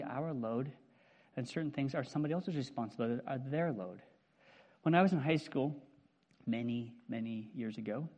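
A man in his fifties preaching a sermon in a conversational, animated way, often checking in with "right?". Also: mid-range voice, lo-fi sound. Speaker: pastor.

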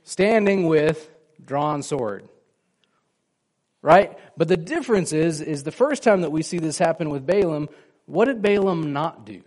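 A pastor with a somewhat high, expressive and slightly mellow voice preaches at a measured pace. His sermon is conversational: he asks the congregation questions and acts out the lines of people in his story.

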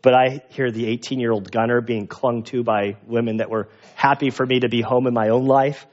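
A man preaching a sermon in a lively, animated way, acting out the voices of people in the story. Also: medium pitch, a little fast, highs cut off. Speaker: pastor.

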